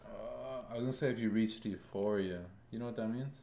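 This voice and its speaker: Low-voiced man cracking jokes. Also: steady tone, fairly quick, mellow. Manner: joking, low-key interjections. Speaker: podcast host. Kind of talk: casual chat.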